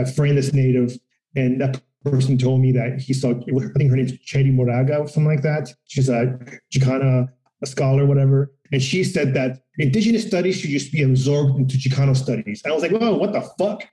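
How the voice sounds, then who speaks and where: A man talking in a casual, profane political discussion, animated and acting out quotes of other people. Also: mid-range voice, a little fast, echoey room, poor audio.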